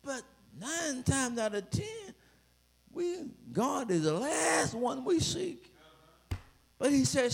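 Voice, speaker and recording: Male preacher, high and gravelly, unhurried, dramatic with sudden shouts. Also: huge pitch swings. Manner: dramatic, rising to shouts, playful asides. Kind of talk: sermon.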